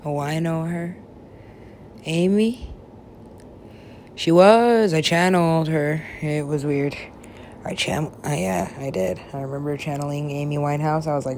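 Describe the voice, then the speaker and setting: A woman's voice: low voice, steady tone, measured pace, long pauses, darkish tone, slight background noise. A woman rambling in a drifting, profane monologue that often drops to a whisper.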